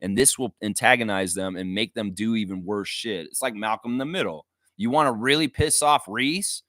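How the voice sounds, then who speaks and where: A man's voice: on the low side, normal speed, pushed and bright, no echo. Male fan-stream host, casual and opinionated, dry close sound. Reads chat aloud. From United States and Canada. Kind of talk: live fan reaction stream.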